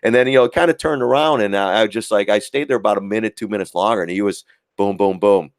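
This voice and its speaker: A man's voice: lowish voice, fast talker, no room sound, clean studio sound. A man hosting a trading livestream in casual, rambling chat, heavy on filler words and repeats. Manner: acts out quoted voices, chuckles often. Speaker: stock trading livestream host.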